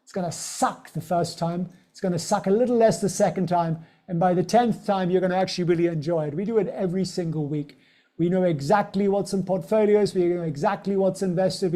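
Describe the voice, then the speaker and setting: A man's voice: sits high, mellow. A man hosting a livestream, teaching stock trading in a chatty, joking way and speaking straight to his viewers.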